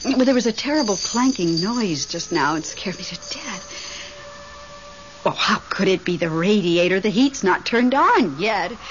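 An actress in a vintage radio drama, playing a lonely widowed woman haunted by her late husband, who is lively and easily startled. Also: mid-range voice, normal speed, lightly acted. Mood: uneasy. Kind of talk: 1970s radio drama acting. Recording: dull hissy old radio recording.

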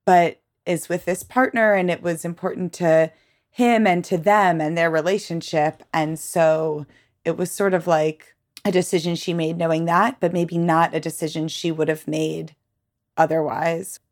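A woman's voice: lowish voice, steady tone, unhurried. A woman podcast host in casual chat, talking in a chatty way with many fillers and frequent laughs.

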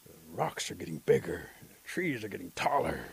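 A man's voice: on the low side, sing-song, fairly quick, creaky, crowd noise, full character voice. A man voicing a lovesick young man in a folk tale, speaking in earnest, exasperated bursts. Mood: bewildered.

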